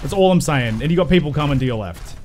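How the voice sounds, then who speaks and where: High, lively Australian gamer guy. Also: quick pace, background noise. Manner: loud, swearing, joking hype. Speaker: gaming streamer. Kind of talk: excited gameplay chatter.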